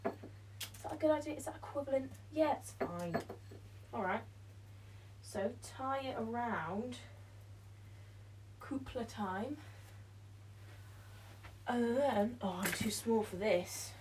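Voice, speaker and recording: A woman's voice: on the high side, animated, takes it slowly, long pauses, a little mellow, slight background noise. A young British woman with a slight cold, chatting to herself and her pets at home as she works on a task, often dropping into whispers. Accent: British English. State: slight cold, a bit out of breath. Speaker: vlogger. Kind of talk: casual solo vlog while building a blanket fort. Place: at home indoors.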